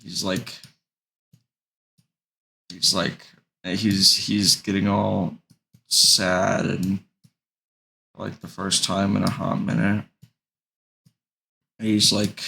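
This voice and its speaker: A young man talks through a casual vlog, rambling and hesitant with plenty of fillers. His voice sits low with a gravelly edge. He speaks slowly and unhurried. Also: flat delivery, sharp tone. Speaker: vlogger.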